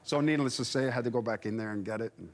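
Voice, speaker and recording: A man in his forties, a former player on a sports panel, telling a lively anecdote and acting out the voices of the people in it. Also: mid-range voice, racing. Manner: animated anecdote teller, acts out dialogue. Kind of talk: casual storytelling on a sports panel.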